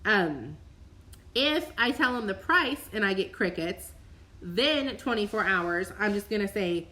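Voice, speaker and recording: A woman's voice: mid-range voice, animated, unhurried, sharp tone. A woman, chatting casually as she teaches her sales follow-up method, upbeat and full of fillers. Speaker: network marketing coach. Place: recorded at home for a replay.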